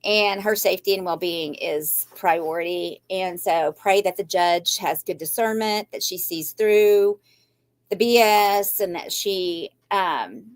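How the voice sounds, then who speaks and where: A woman's voice: fairly low pitch, slow. Anxious rambling older woman. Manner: shaky, rambling and anxious, then defiantly upbeat. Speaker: craft channel host. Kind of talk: emotional live chat to viewers.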